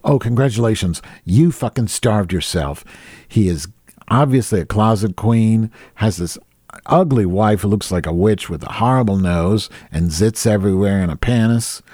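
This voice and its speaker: A man's voice: fairly low pitch, moderate pace, dark tone, no room sound, clean studio sound. A man hosting his own show, rambling through a crude, sarcastic solo rant. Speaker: podcast host.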